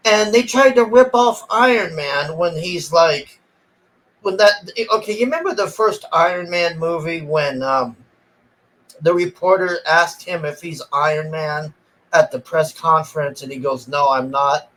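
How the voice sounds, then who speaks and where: A man's voice: on the high side, expressive, measured pace, a bit bright, low-quality recording. A man ranting casually and sarcastically about a movie he disliked, exasperated and swearing freely. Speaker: movie reviewer.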